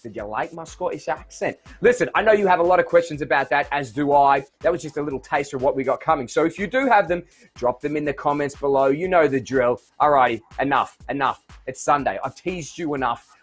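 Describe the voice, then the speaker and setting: A man's voice: a little high, breathy edge. A man hosting an online show in a playful, theatrical, jokey way. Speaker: host.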